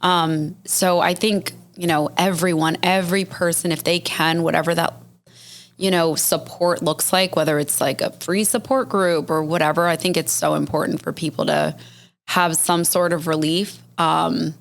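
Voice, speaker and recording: A woman's voice: fairly low pitch, fairly even intonation, normal speed, gravelly. A woman guest on a podcast who talks about business support in an earnest, reflective way. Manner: reflective, earnest, speaks through ideas aloud with restarts. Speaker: guest, business networking organizer. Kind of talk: casual conversational interview.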